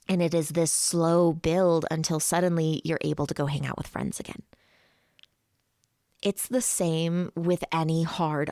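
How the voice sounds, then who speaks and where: Low-voiced woman podcast host. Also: darkish tone, dry recording, clean studio sound. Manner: voices her inner thoughts in quick quoted asides; laughs lightly between points. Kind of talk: explaining psychology to listeners.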